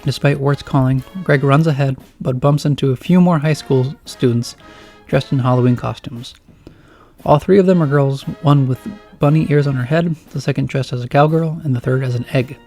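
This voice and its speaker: Man narrating a story, gravelly voice. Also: mid-range voice, normal speed, a little mellow, faint music behind.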